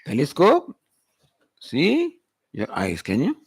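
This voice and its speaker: A man's voice: a little high, huge pitch swings, takes it slowly, vocal fry, slightly rough, no room sound. A male spiritual teacher, giving a Vedanta discourse and pressing the listener with rhetorical questions. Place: retreat hall.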